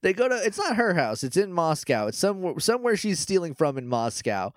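A man co-hosting a podcast, retelling a movie in a rambling, joking way and acting out its lines in quick quoted voices. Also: high voice, big pitch swings, no echo, studio quality. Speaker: podcast co-host. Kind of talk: casual movie recap chat.

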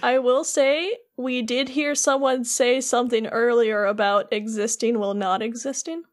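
A woman with a high voice co-hosts a casual podcast. She retells the story with animated energy and slips into the characters' lines as she talks. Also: normal speed. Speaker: podcast co-host. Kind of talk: casual chat recapping a game.

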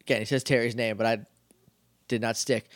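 A man's voice: medium pitch, level tone, fairly quick, dry recording, clean studio sound. A man co-hosting a casual chat, recapping a TV episode and acting out characters' lines. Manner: jokey, acts out characters mid-recap. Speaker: podcast co-host.

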